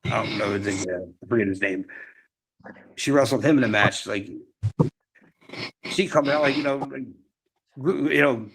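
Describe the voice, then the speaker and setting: A man's voice: mid-range voice, normal speed, pauses often, fairly bright tone, slightly rough, rough recording. A man in a casual interview who rambles through stories, full of fillers. He laughs often as he talks. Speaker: interview guest, wrestler. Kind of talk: casual storytelling chat.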